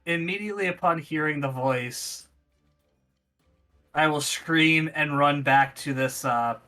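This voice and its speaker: Bright-voiced male player. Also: on the high side, a little slow, faint music behind. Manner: stammering restarts. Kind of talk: casual tabletop play.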